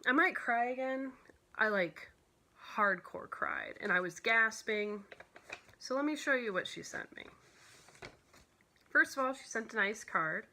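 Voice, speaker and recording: A woman's voice: mid-range voice, pushed and bright. A woman vlogging about cross-stitch gifts, chatting casually and gushing with lots of "like" and "you know", at home before a camera. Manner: emotional, near tears at times. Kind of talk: casual show-and-tell chat.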